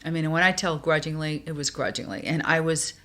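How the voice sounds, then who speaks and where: A woman's voice: low voice, quick pace. An older woman from New York, a guest in a podcast interview, telling stories and acting out the voices of the people she quotes. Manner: animated, acts out quoted voices.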